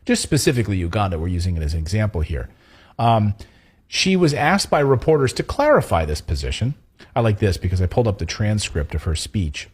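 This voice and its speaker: A man rants sarcastically through a political talk show. His husky voice is on the low side and swings widely in pitch, sliding into mocking tones as he comments. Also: brisk. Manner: mocking, animated, quotes officials in exaggerated voices. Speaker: podcast co-host.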